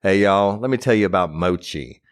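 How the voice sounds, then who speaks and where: A man's voice: sits low, lively intonation, normal speed. A man, a podcast host reading an ad in a friendly, conversational way. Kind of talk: ad read.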